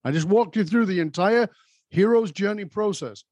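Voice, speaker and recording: A man's voice: sits high, moderate pace, darkish tone, no room sound. A man hosting a podcast, speaking emphatically and addressing listeners directly in a motivational way. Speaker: podcast host. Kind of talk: conversational podcast interview.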